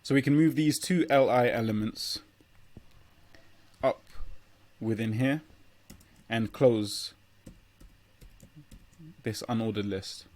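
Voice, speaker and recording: A man's voice: medium pitch, slow pace, long pauses, darkish tone. A man teaching a coding lesson, explaining steadily as he walks through examples on screen and sometimes restarting a phrase while typing. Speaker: coding tutor. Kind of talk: screen-recorded coding tutorial.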